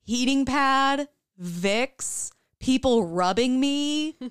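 A young adult woman hosting a podcast, telling a story in casual chat, animated, swearing freely and often breaking into laughter. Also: sits high, drawn-out words, clear, resonant tone, no room sound, clean studio sound.

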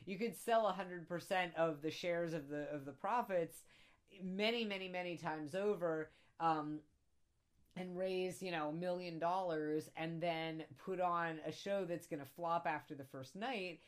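A woman co-hosting a casual film discussion podcast, animated, acting out quotes as she laughs. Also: fairly low pitch, measured pace. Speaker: podcast co-host.

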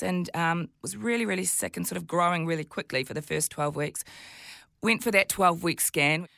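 New Zealand woman, low gravelly voice, animated storyteller, dry close mic. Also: fairly quick, dry recording. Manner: animated storytelling, jumps high when quoting herself. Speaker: guest, TV presenter and mother of twins. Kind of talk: candid interview chat.

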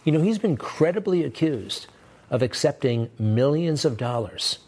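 A man's voice: on the high side, expressive, normal speed, a little mellow, breathy edge. A man hosting an opinion news show, talking in a sarcastic, combative way and repeating phrases for emphasis. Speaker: TV news commentary host.

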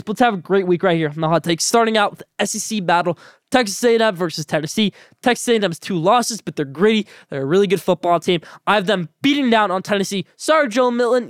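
A young man hosting a solo sports podcast, giving blunt, opinionated rapid-fire picks. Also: high voice, smooth, no room sound, clean studio sound.

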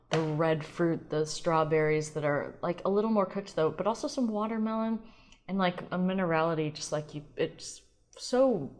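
A woman with a somewhat low voice hosts a casual wine podcast on her own. She rambles and gets distracted, pokes fun at herself, and swears freely as she gushes about what she's tasting. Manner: chatty, rambling, self-deprecating, swears and gushes. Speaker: podcast host. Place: home kitchen.

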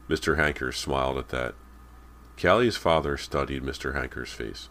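Very deep-voiced male audiobook narrator. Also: a little hiss or hum. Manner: steady, measured storytelling.

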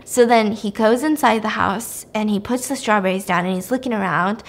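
A woman podcast host recapping a film plot in a casual, animated way, acting out the characters as she goes. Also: mid-range voice, normal speed, hardly any pauses.

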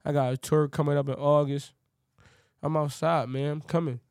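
A man's voice: fairly high pitch, flat delivery, moderate pace, darkish tone, clear, resonant tone, dry recording, clean studio sound. A young man with a Philadelphia accent, a rapper guest teasing in laid-back slang during casual podcast chat.

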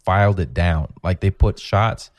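Man in his forties, comic guest, low voice, dry close mic, swears a lot and rambles. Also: measured pace, dry recording. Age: 40s. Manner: profane, rambling, animated storytelling. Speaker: comedian guest. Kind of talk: casual podcast chat.

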